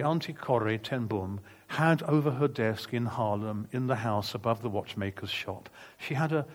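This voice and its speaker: A man preaching a sermon, telling a personal story in an earnest, emphatic way and acting out the dialogue as he goes. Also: medium pitch. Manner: earnest, emphatic testimony with vivid retold dialogue.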